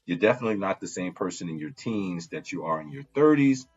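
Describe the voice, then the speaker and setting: Man, deep voice, relationship advice host, chatty, keeps asking "right?", muffled lo-fi sound, faint music behind. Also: expressive, fast talker, breathy edge. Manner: conversational, frequent "right?" check-ins. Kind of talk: casual advice talk.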